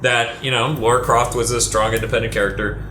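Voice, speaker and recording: A man chatting casually during a let's play, telling a story with lively, jumping delivery. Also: a little fast, faint music behind. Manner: animated storyteller, voice jumps high when retelling arguments. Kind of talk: casual group chat over gameplay. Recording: echoey room with faint noise.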